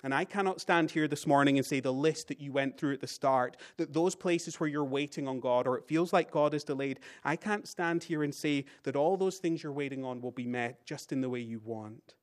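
A British man preaching a sermon in a church, earnest and repeating key phrases, rising for emphasis and dropping very quiet at the ends of phrases. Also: mid-range voice, moderate pace, hardly any pauses. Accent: British English. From Britain.

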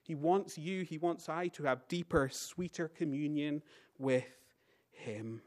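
A British man preaching a sermon in a church, earnest and repeating key phrases, rising for emphasis and dropping very quiet at the ends of phrases. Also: a little high, a little slow. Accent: British English. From Britain.

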